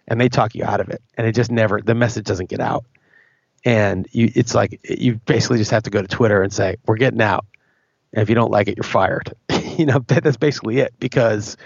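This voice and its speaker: A man with a low, gravelly, slightly husky voice gives his opinions bluntly on a podcast, swearing freely and restarting his sentences. The audio is dry and a little dull. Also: no room sound. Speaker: podcast co-host. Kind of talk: casual opinionated chat.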